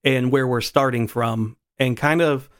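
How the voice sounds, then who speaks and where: A man with a middle-pitched voice co-hosts a podcast in relaxed, casual chat. He rambles, often restarts his sentences, and pokes fun at himself. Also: measured pace. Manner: rambling, self-deprecating, many restarts. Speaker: podcast co-host.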